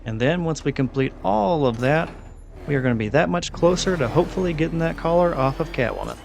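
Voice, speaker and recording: Gravelly man narrating his gameplay. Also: fairly high pitch, lively intonation, a little fast. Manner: chatty, rambling, self-deprecating. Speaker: gaming channel host. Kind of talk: casual gameplay commentary.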